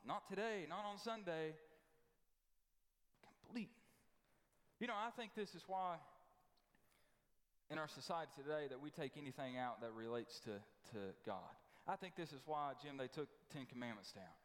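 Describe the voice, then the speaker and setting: A man's voice: on the high side, normal speed, long pauses, fairly bright tone. A man, a pastor, preaching a sermon in a folksy, emphatic way, repeating his points. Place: church sanctuary. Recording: long church hall reverb.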